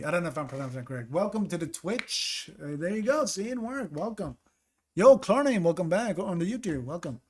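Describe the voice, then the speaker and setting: A man with a slightly raised pitch talks through each guess in loose live-stream commentary. He muses out loud and breaks off to welcome viewers in his chat, keeping an easy, offhand tone. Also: slight background noise. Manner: thinks aloud, greets chat mid-sentence.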